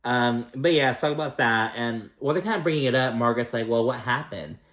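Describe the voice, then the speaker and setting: Man, casual recap host, chatty, cusses a lot, mimics quotes, middle pitch, echoey room. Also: fast talker, fairly bright tone. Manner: chatty and profane, acts out quotes in mock voices.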